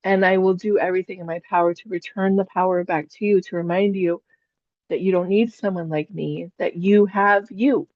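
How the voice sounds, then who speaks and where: A woman's voice: on the low side, steady tone, normal speed, no echo. Chatty woman teaching, dull dry sound. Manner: chatty storyteller, laughs often. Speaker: psychic and spiritual teacher. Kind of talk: teaching an online class.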